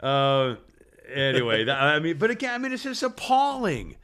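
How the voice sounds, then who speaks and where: A man hosting a podcast, chatting about the news in a rambling, halting way with frequent laughs. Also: on the high side, sing-song, fairly bright tone, clean tone. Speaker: podcast host. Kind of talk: casual political chat.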